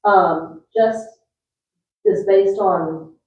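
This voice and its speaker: A woman student speaks up from across a classroom, her voice distant and roomy with a dull, muffled edge. She thinks out loud, repeating ideas back to make sure she has them. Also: medium pitch, drawn-out words. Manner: thinking aloud, restating points to check them. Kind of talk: classroom questions.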